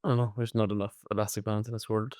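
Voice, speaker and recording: A man co-hosting a podcast, talking in an animated, casual way and swearing freely. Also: fairly low pitch, rapid-fire, clear, resonant tone. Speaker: podcast co-host.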